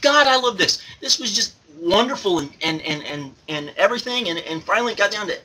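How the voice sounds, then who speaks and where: A man's voice: sits high, animated, brisk, bright, forceful tone, exaggerated voice, low-quality recording. A man voicing a giddy male alter-ego reviewer who gushes over wrestling shows and keeps repeating and exclaiming. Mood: gushing. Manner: gushing, repeats himself, exclaims often. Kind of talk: excited spoken review.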